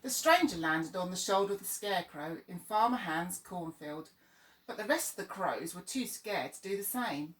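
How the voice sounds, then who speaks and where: A woman reading a children's story aloud in an expressive, lively way. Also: lowish voice, moderate pace, recorded from a distance. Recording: echoey room, voice off-mic.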